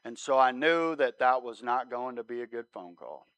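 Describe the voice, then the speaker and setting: A man giving his sermon testimony as a relaxed story, often checking in with "right?". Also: medium pitch, normal speed, no room sound. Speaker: guest speaker sharing his testimony.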